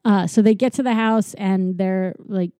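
A woman from the United States cohosting a podcast, casually retelling a story and acting out characters with quick voices and frequent laughs. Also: medium pitch, steady tone, warm tone, dry recording, clean studio sound. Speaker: podcast co-host. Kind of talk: casual chat retelling a TV special.

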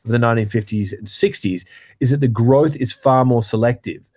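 A man's voice: medium pitch, a little fast, darkish tone. A man in his thirties from Australia, co-hosting a podcast in casual, rambling chat with frequent restarts and playful rants. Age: 30s. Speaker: podcast co-host.

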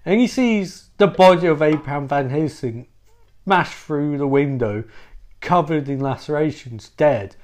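A man's voice: a little high, measured pace, darkish tone. A man retelling a comic story in a rambling, profane, loose way.

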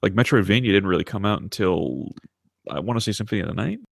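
A man in his thirties chatting casually on a podcast, animated and telling stories with plenty of swearing. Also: deep voice, quick pace, vocal fry, dry recording, studio quality. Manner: animated storyteller, swears freely. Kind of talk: casual chat.

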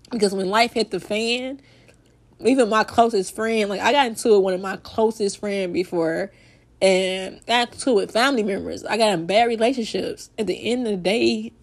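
An emotional young woman talks on her faith podcast, close to tears. Her delivery is heartfelt and loose, full of "like" and repeated phrases. She ends up praying aloud. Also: medium pitch. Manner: heartfelt, repetitive "like", ends in spoken prayer. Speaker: podcast host.

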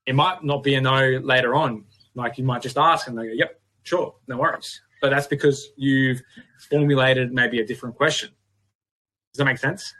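A young adult man with an Australian accent speaks as a podcast guest. He reflects aloud in a meandering way, often restarting his sentences. His pitch sits in an ordinary middle range. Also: steady tone, normal speed, bright, forceful tone. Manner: rambling, reflective, many restarts. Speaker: podcast guest, gym owner. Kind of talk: casual conversation.

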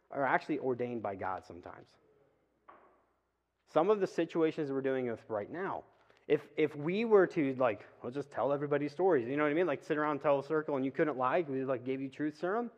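A man giving a casual, conversational sermon in church, with quick asides. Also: on the high side. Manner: chatty, acts out quick asides and voices. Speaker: preacher. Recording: reverberant hall, dull lo-fi sound.

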